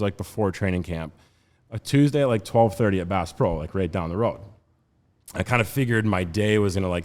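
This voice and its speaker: A man in his thirties, a podcast guest, telling a story in a casual, animated way with lots of laughs and fillers. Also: lowish voice. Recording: roomy studio reverb.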